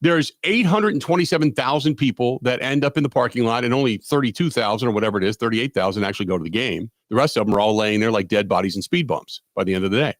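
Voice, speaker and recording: A man's voice: mid-range voice, fast talker, few pauses, dry recording. A man hosting a sports radio show, telling rambling self-mocking stories in casual banter at a studio microphone.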